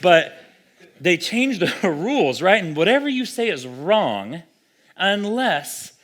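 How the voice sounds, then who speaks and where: Brief: young male pastor, conversational sermon, lively delivery, voice a touch high. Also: takes it slowly. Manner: conversational, animated, acts out quoted voices.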